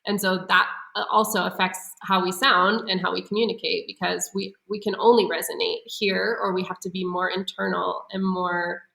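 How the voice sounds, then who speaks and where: Bright-voiced woman coaching voice work. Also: lowish voice, level tone, normal speed, vocal fry, few pauses, reverberant, poor audio. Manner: explanatory, laughs easily. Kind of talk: podcast conversation.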